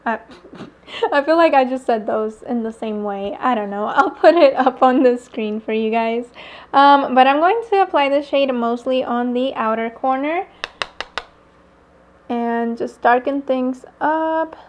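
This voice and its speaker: A woman's voice: high-pitched, measured pace, a little hiss or hum. A woman talking through a casual makeup tutorial at home, chatty, with lots of fillers and little laughs. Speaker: beauty vlogger. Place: home, airplanes passing nearby.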